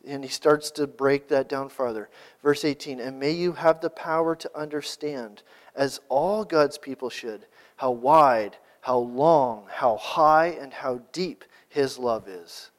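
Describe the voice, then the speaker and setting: A man's voice: mid-range voice, a little slow. A man preaching a sermon, asking rhetorical questions and building to emphatic peaks. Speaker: pastor.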